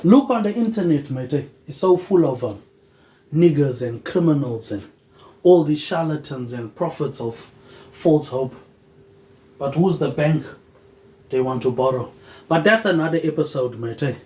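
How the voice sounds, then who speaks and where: A man hosting a solo podcast, rambling loosely with "um" pauses and dropping a low, quiet "mate" at the end of his phrases. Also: lively intonation, echoey room, rough recording. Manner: drifting, loosely connected talk with "um" pauses. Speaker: podcast host.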